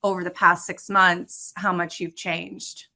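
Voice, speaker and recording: A woman interviewer speaks slowly and softly, with a flat tone. Her voice is bright and clear. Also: fairly low pitch. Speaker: interviewer, program teacher. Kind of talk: interview questions.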